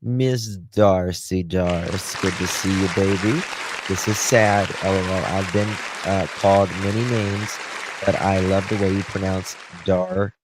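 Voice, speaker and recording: A man's voice: low voice, little pitch movement, a crowd in the background, noisy background. A man with a Southern accent hosting a live true-crime stream, reading news aloud and greeting viewers by name. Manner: slow, drawling, affectionate with viewers. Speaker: true-crime show host.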